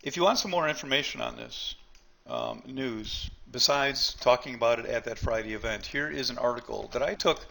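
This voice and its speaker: A man's voice: medium pitch, sing-song, normal speed, creaky, bright, forceful tone. A man teaching a live trading seminar, blunt and emphatic, often repeating himself and talking straight to the group.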